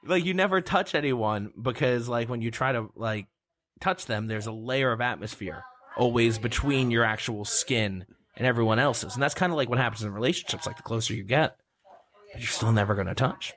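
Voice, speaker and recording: A man co-hosting a loose comedy podcast in a studio. He rambles with plenty of fillers and jumps in playfully on his partner. His voice sits at an ordinary middle pitch. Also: fairly quick, a bit bright. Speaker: podcast host. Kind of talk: casual comedic podcast banter. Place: recording studio.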